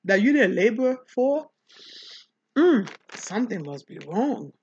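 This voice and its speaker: Woman pastor, unhurried Bible teaching, bright lively delivery, muffled lo-fi sound. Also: fairly high pitch, breathy edge. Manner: animated preaching, talks back to the text.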